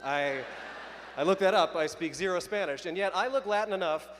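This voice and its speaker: A man's voice: high voice, fast. A young man doing a stand-up comedy set on a large arena stage, self-deprecating and conversational, bantering with the crowd. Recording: arena reverb, faint crowd noise. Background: audience laughter.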